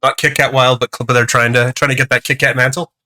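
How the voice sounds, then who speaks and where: A man's voice: mid-range voice, little pitch movement, fast, pushed and bright. A man from Canada in casual chat, playful and jokey.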